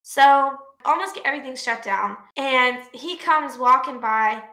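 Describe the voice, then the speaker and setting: Brief: podcast co-host, woman, bright and sharp voice, cussing storyteller. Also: high-pitched, unhurried, echoey room. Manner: profane, animated storytelling with laughs. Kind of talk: casual storytelling chat.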